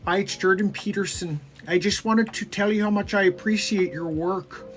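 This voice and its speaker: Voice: medium pitch, normal speed, soft background music, natural voice. A performer doing a comic impression of an earnest, precise male professor pundit. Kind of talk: comedic celebrity impression.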